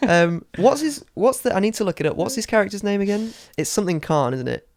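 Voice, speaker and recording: A man with a northern English accent, co-hosting a podcast in a casual, measured, curious way. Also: sits high, expressive, no echo, clean studio sound. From northern England. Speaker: podcast co-host. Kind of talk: casual chat.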